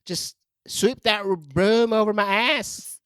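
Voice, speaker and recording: A man's voice: high-pitched, takes it slowly, fairly bright tone, smooth, dry recording, pitched above the performer's own voice. A brash, drawling caller who sounds American, put on by a man. The voice sits well above his own, cocky and pushy. It is recorded dry and close. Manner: drawling, says "bruh" and "yeah, boy".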